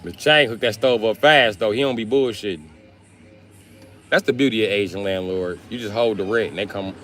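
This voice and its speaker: A male comedian telling a profane, animated comic story on a live stream. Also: on the low side, fairly quick, soft background music.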